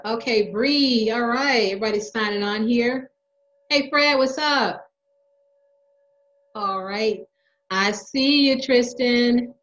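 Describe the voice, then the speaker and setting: A woman's voice: fairly high pitch, a bit bright, roomy sound, muffled recording. A woman playing a mother in a monologue, emotional and defiant as she speaks out. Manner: emotional, defiant, building to anger. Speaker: mother speaking on her platform. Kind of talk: theatrical monologue.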